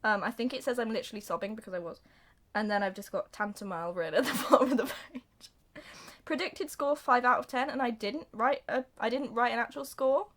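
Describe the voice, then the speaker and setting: A woman's voice: on the high side, a bit bright. A young woman reviewing a film in a casual, giggly way, often laughing and bursting into sung snippets. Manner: giggly, breathless retelling with sung bits and quick voice changes.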